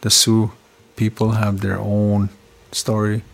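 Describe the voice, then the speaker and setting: A man from Canada telling traditional star stories in an unhurried, conversational way, often tagging his phrases with "eh?". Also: on the low side, completely flat delivery, vocal fry. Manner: unhurried, repetitive, ends phrases with "eh?". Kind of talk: casual storytelling conversation.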